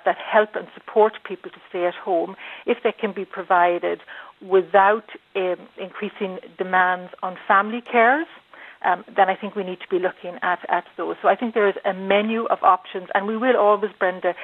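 A woman speaks as an expert guest over a tinny phone line. Her voice is low and stays flat, and her measured answers catch on repeated words. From Ireland. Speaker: expert guest, researcher on older people's care. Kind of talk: radio interview answer.

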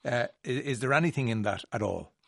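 A man's voice: medium pitch, fairly quick, gravelly, dry recording, studio quality. A man with an Irish Midlands accent interviewing a guest in a chatty way, often restarting his sentences. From Ireland. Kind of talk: casual interview.

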